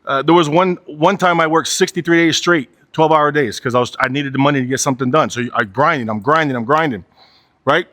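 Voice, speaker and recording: A man's voice: a little high, brisk, fairly bright tone, dry recording, studio quality. A man in his forties giving a candid motivational talk, blunt and profane, driving his points home with repetition and a habitual "right?". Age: 40s. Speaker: motivational speaker.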